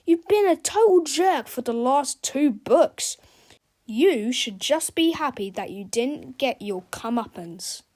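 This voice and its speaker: A woman's voice: high-pitched, expressive, takes it slowly, darkish tone, full character voice. A woman voicing a cheeky schoolboy who teases and wisecracks. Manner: teasing and sarcastic.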